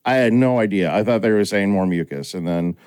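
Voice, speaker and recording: A man's voice: fairly low pitch, fairly quick, clean tone. A middle-aged man hosting a casual chat, telling stories and acting out quoted lines. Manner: animated storyteller, acts out quoted lines. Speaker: podcast host.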